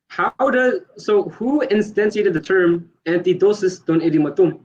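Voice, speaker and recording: A man's voice: high-pitched, lively intonation, moderate pace, a little mellow. A man in an online debate who fires off questions, interrupts and repeats himself. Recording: lo-fi call audio.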